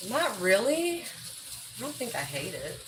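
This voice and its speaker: A woman's voice: mid-range voice, sing-song, takes it slowly, noisy background. A woman chatting bluntly and profanely on a livestream while putting groceries away in her kitchen. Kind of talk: casual livestream chat. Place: home kitchen.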